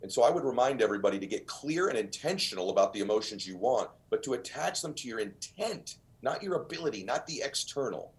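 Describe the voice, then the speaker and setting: A man with a deep voice, a guest on a podcast, telling stories in an emphatic, earnest way. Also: very animated, fast, few pauses. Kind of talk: storytelling in an interview.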